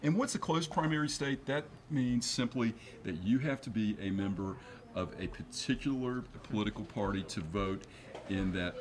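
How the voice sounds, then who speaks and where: A man with a fairly low voice explains the law as a guest on a studio news interview. He works through his points with frequent fillers and restarts. A faint hiss sits under the recording. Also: moderate pace. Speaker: attorney guest.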